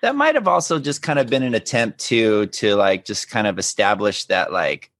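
A man's voice: lowish voice, animated, normal speed, a bit bright, no echo, studio quality. A man co-hosting a casual chat, talking hesitantly and filling his speech with likes and you knows. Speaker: podcast co-host.

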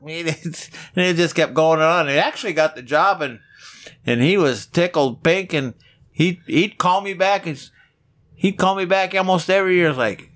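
A man's voice: a little high, normal speed, fairly bright tone. A middle-aged man, a business owner, casually telling folksy, chuckling anecdotes in a podcast interview.

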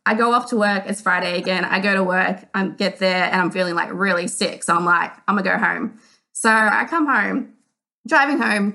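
A woman's voice: medium pitch, creaky. Australian woman telling a story as a caller. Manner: animated, acts out the voices of people in her story. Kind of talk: casual storytelling on a call-in show.

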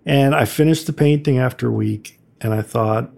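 Gravelly-voiced older man telling stories. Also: moderate pace. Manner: conversational, acts out quotes with raised pitch. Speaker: graffiti artist recounting his career. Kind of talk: reflective storytelling. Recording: soft music underneath.

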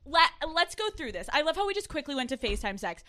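A woman hosting a comedy podcast, brash and loud, reacting quickly and acting out quotes. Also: sits high, sing-song. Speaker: podcast host. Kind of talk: raunchy casual chat.

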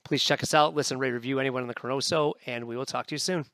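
A man's voice: mid-range voice, steady tone, fast talker, heavy background noise. A man reviewing a wrestling match for a podcast, rambling and repeating words. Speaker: podcast contributor.

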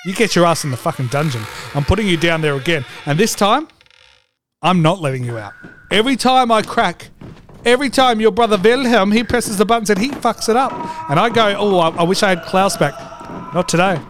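Brash, high-voiced man hosting a comedy vlog. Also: animated, brisk, fairly bright tone, a little hiss or hum. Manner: brash, profane and theatrical. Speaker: host. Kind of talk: comedic motor racing preview vlog.

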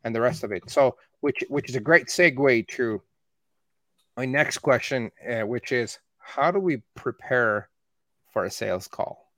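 A mid-pitched man hosts the conversation, asking winding questions and restarting as he goes. His voice sounds close and dry, with little room around it. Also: expressive, unhurried, a bit bright, dry recording. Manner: asks rambling questions with restarts. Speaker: podcast host, interviewer. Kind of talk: conversational interview.

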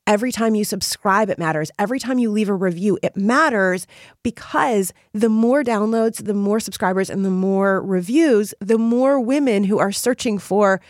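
A woman's voice: medium pitch, moderate pace, no room sound, clean studio sound. A woman hosting her own podcast, talking to listeners in an effusive, encouraging and emphatic way. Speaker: podcast host. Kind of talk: solo podcast monologue.

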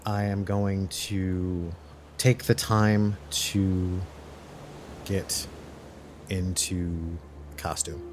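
A man with a low voice plays a tabletop horror game. He talks through each of his character's actions step by step in a deliberate, thinking-aloud way. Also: level tone, a little hiss or hum. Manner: deliberate, plans his character's moves out loud. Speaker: player.

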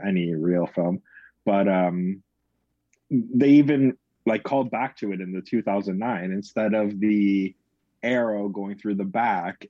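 A man's voice: on the low side, no echo. A man in casual chat about horror films, rambling with lots of fillers and restarts. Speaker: podcast co-host. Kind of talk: casual film discussion. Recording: dull, dry lo-fi sound.

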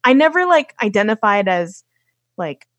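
A woman's voice: medium pitch, very animated, moderate pace, fairly bright tone, no echo, highs cut off. Young woman telling stories, dry sound. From United States. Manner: storytelling with many fillers and restarts. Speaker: podcast guest. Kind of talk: casual conversation.

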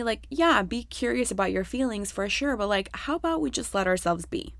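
A woman's voice: on the high side, lively intonation, normal speed, hardly any pauses, fairly bright tone, dry recording. A young woman hosting a podcast solo, talking casually and candidly with lots of fillers and swearing. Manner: chatty, candid, swears freely, many fillers. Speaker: podcast host.

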